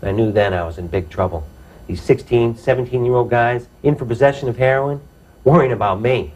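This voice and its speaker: A man's voice: mid-range voice, brisk, a little mellow, poor audio. Plain-spoken man telling his true story. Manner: plain-spoken, reflective, leans on "you know". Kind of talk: personal storytelling to an audience.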